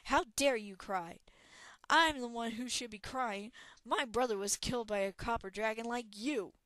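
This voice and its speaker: A woman's voice: medium pitch, normal speed, a bit bright, no room sound, close to an everyday voice. A woman voicing a defiant, frightened young woman cleric who answers sharply. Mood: angry.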